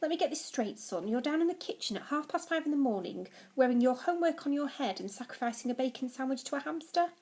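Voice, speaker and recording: A woman's voice: high voice, expressive, fast talker, hardly any pauses, warm tone. A woman voicing a grumpy but good-natured father who groans and speaks sternly.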